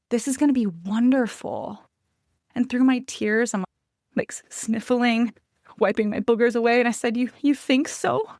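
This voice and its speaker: Animated woman telling stories on a dry mic. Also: dry recording. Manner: animated, acts out quotes with raised pitch; candid, conversational. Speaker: podcast host. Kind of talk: personal storytelling monologue.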